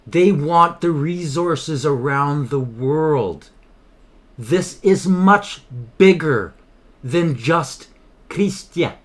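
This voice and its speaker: A man's voice: on the high side, animated, extremely slow. A man hosting his own channel, delivering an impassioned, emphatic political commentary monologue with frequent repetition. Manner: impassioned, emphatic, repeats himself. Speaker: channel host.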